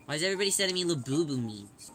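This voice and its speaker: A woman hosting a casual livestream, chatting and answering viewers' questions in a lively way with many restarts. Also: sits low, racing, faint music behind. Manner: animated, reads and answers chat, many restarts. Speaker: livestream host.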